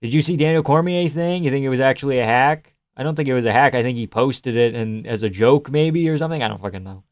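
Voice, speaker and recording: A young man from Canada hosts a livestream in a loose, cursing, sardonic way, riffing on the chat as it comes in. His voice comes across smooth and clear. The mic sounds close and dry, with no room sound. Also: medium pitch, quick pace, few pauses, no echo. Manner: profane, sardonic, reads chat aloud. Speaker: livestream host. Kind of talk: casual chat.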